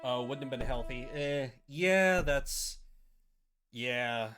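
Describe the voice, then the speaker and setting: A man's voice: mid-range voice, slow pace, fairly bright tone. A man chatting casually and rambling as he streams a game live. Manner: chatty, rambling, self-deprecating. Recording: game music behind.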